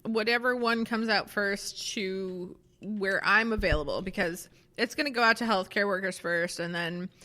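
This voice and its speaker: A young woman co-hosting a podcast in casual chat, talking quickly with lots of "like" fillers. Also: medium pitch, sharp tone. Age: young adult. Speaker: podcast co-host.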